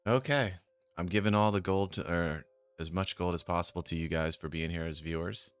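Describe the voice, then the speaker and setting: Guy with a real low voice streaming, mutters and swears, bit of music under it. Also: fairly quick, clear, resonant tone. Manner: muttering, swears when frustrated. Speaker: streamer trading options. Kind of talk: casual live-stream chat. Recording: faint music behind. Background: faint music.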